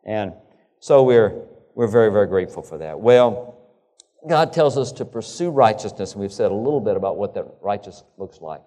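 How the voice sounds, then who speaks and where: A man preaching in a reverberant hall, his voice warm and mellow. He talks haltingly, doubling back on his words, and his pitch climbs and falls a lot as he stresses a point. He asks his listeners rhetorical questions. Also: expressive. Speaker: pastor. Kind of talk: sermon.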